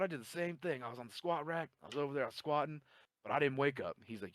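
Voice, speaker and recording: Talking very fast in a fairly high voice, another man spins a long, profanity-laced story in casual chat, voicing each line of dialogue with animation. No echo is present.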